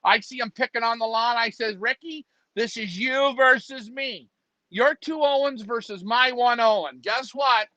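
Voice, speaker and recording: A man hosting a pigeon club livestream, joking loudly and teasing with animated banter. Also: very high voice, moderate pace, dry recording. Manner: joking, loud, animated, mocks others. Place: indoor pigeon club room. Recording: slightly dull lo-fi sound.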